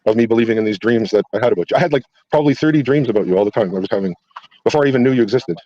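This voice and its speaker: A man's voice: mid-range voice, very fast, mellow. A man calling in to a stream, talking in a rambling, pleading, hesitant way over dull lo-fi call audio. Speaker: caller on a stream. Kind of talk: call-in conversation.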